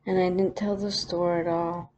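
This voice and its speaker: A woman vlogger telling a personal story, close to tears, halting with many pauses and restarts. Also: fairly low pitch, level tone, a little mellow, dull audio, slight background noise.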